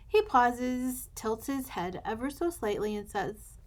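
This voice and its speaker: A woman's voice: fairly high pitch, a little slow, hardly any pauses, darkish tone. Chatty American woman telling a story. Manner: chatty, wry, humorous storytelling. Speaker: journaling channel host. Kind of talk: casual storytime while journaling.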